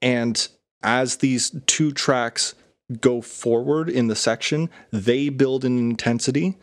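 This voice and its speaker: A man's voice: medium pitch, slow pace. A man co-hosting a podcast, casually breaking down a song's chords and parts with many fillers. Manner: analytical, many fillers, talks music theory. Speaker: podcast co-host. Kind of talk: casual music discussion.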